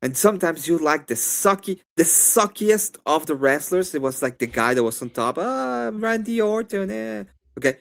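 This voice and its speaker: A man's voice: fairly high pitch, normal speed, few pauses. Rambling man with a Spanish accent. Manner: rambling, animated, full of fillers and restarts. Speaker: debater. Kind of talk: live-stream debate.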